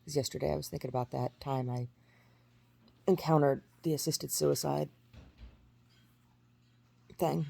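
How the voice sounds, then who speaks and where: A woman in her forties tells a long personal story in a casual, rambling way, circling back and restarting often. Her voice is gravelly with a husky edge and a warm, mellow tone. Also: low voice, fairly even intonation, unhurried, long pauses, no echo. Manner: rambling, many restarts and fillers. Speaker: vlogger.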